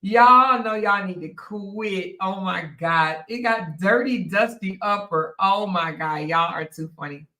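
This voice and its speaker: Chatty woman live streaming from an echoey room, unhurried delivery, talks right to viewers. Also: lowish voice, bright, forceful tone. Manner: chatty, laughs often, speaks straight to viewers. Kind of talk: casual live stream chat.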